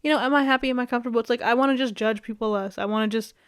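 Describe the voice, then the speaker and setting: A woman's voice: a little high, very fast. A young woman vlogging in a loose, rambling chat, full of fillers, easy laughs and casual swearing.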